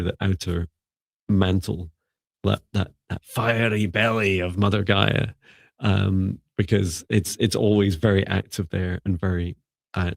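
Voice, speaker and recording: A man co-hosting a live-stream psychic reading, giving gentle, rambling spiritual advice with many fillers. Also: sits low, gravelly, slightly rough, no echo. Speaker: psychic mentor and co-host.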